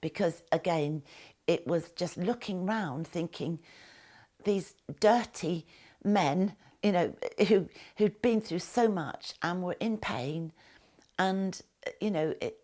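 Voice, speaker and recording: An older woman recalling her time as a war nurse, speaking hesitantly with many pauses and restarts. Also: on the low side, a little mellow. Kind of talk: spoken recollection to camera.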